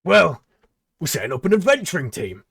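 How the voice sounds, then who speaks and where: A loud, beaming cat-folk tavern keeper, as a game master puts him on, hearty and pushy like a salesman drumming up recruits. The voice sits higher and louder than the man's usual talk, recorded close and dry. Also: sing-song, fairly quick, creaky, slightly rough, no room sound, exaggerated voice. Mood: persuasive.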